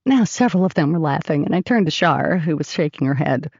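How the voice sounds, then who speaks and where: A woman narrating an audiobook in first person, expressive and storytelling. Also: sits low, brisk, vocal fry, no echo, lo-fi sound.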